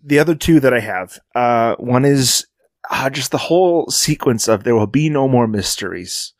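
A man in casual conversation about a film, getting choked up, halting and restarting as he recounts scenes. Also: mid-range voice, animated, no room sound, clean studio sound. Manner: emotional, halting, many restarts.

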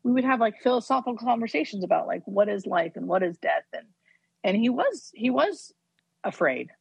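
A woman hospice nurse, a podcast guest, telling a personal story in a halting, animated way with many fillers. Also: medium pitch, creaky, husky, no room sound. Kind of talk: casual podcast conversation.

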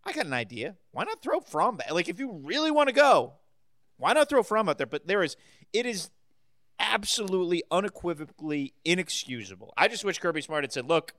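A man's voice: high-pitched, very animated, fairly quick, a bit bright, dry recording. A man co-hosting a sports podcast who gives emphatic, opinionated takes in casual chat.

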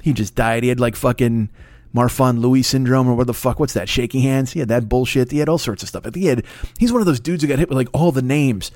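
A man's voice: mid-range voice, fast talker, a little mellow, no room sound, clean studio sound. A man hosting a podcast in a casual comedic rant, profane, sarcastic and rambling, talking into a microphone. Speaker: podcast host.

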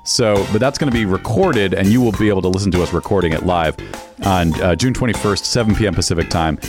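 A man's voice: low-pitched, fast talker, over music. A man co-hosting a podcast, reading casual show plugs, chuckling and correcting himself as he goes. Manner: loose, chuckling, self-correcting. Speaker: podcast co-host. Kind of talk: casual plug segment chat.

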